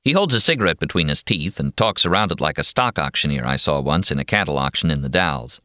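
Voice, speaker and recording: Deep-voiced male audiobook narrator. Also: animated, fast, bright, forceful tone, dry recording, studio quality. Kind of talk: first-person novel narration.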